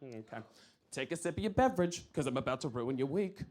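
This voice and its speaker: A stand-up comedian from New York with a New York accent, telling a story in an animated, loud way with shouted outbursts. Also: male voice, medium pitch, fast, background noise. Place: comedy club stage. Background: audience laughter.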